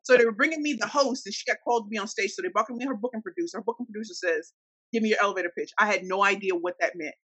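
A woman from St. Louis, Missouri, telling her business story in an interview, animated and acting out the voices of the people in it. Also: medium pitch, racing, slightly rough, no room sound, low-quality recording. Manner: animated, acts out quoted voices. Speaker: guest entrepreneur.

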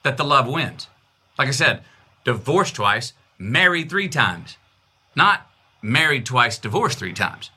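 Slow and sharp-toned, with a slightly rough edge, a Texan man in his fifties speaks as a guest in a conversational interview. His pitch swings widely as he emphatically repeats phrases.

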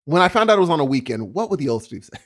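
A man co-hosting a podcast, joking around in casual chat and laughing easily. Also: on the high side. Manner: animated, jokey, quick to laugh. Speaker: podcast co-host.

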